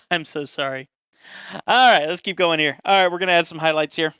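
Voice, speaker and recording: A man's voice: fairly high pitch, fairly even intonation, a little fast, long pauses, pushed and bright, clear, resonant tone, no echo, studio quality. A man casually chatting on a live stream while demonstrating a caricature drawing step by step, self-deprecating and talkative.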